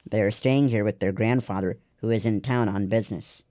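A man's voice: lowish voice, fairly quick, dark tone, dry recording, clean studio sound, lightly acted. A man reading the lines of a proud, firm old grandfather in a storybook. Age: older.

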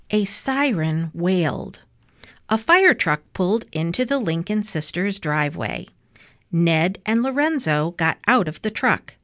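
A woman's voice: lowish voice, no echo, clean studio sound. A woman expressively reading a children's chapter book aloud. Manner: expressive, unhurried. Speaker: storybook reader.

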